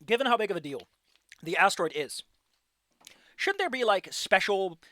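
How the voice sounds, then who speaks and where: A man streaming a game, giving casual, animated commentary and ranting with frequent swearing. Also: high-pitched, normal speed, no room sound, studio quality. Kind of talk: casual let's-play commentary.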